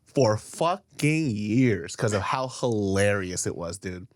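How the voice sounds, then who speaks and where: A man in easygoing podcast banter, blunt and foul-mouthed as he tells his stories. His pitch moves a lot, and the sound is dry with no room echo. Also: lively intonation, takes it slowly. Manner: blunt, swears, mocking jokes. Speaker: podcast co-host. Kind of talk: casual chat.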